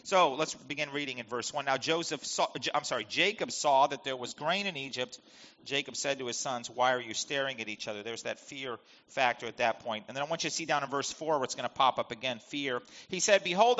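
Reading Bible passages verse by verse, this man explains them in a conversational way, posing rhetorical questions as he goes. He speaks at a medium pitch with a sharp edge. Long hall reverb fills the dull, lo-fi recording.

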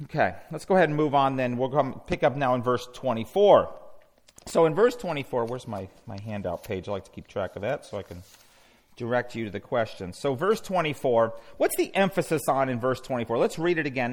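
A man teaching a Bible study class, animated and conversational, often putting questions to the group and restarting his sentences. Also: medium pitch, a little fast.

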